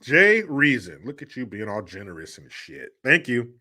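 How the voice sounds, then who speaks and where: A man's voice: medium pitch, big pitch swings, normal speed, bright, forceful tone. A man hosting a livestream, telling family stories in a joking, crude way and laughing often. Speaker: host. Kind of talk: casual livestream talk.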